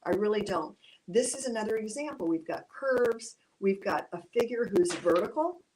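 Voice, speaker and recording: Woman art teacher, mid-pitched voice, casual and reflective, plenty of ums and restarts. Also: lively intonation, moderate pace, a little hiss or hum, low-quality recording. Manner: reflective, gently encouraging, many fillers and restarts. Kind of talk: casual instructional talk.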